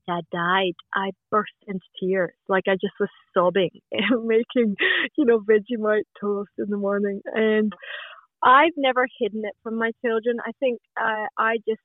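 A woman's voice: on the high side, no room sound. Woman on a tinny phone line. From Scotland. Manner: open, chatty, many restarts and fillers. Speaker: guest. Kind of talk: casual podcast conversation.

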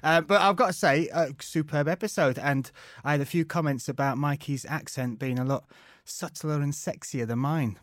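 A man's voice: on the high side, moderate pace, few pauses, a bit bright, no echo, studio quality. A man in his forties hosting a podcast, chatting casually with jokey, rambling banter. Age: 40s. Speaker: podcast host. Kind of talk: casual chat.

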